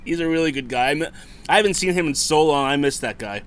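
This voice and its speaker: A man in his thirties tells a story on a casual podcast. His voice sits a little high and swings widely in pitch as he laughs, swears and acts out what people said. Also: expressive, fast talker, a bit bright, clean tone. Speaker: podcast co-host.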